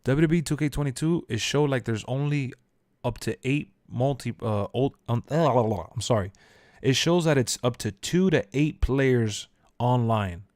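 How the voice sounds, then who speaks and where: Young man streamer, slangy and animated. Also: medium pitch, measured pace, dry recording, clean studio sound. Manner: animated, jumps to shouts when quoting; loose slangy talk, answers chat, laughs often. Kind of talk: casual live-stream chat.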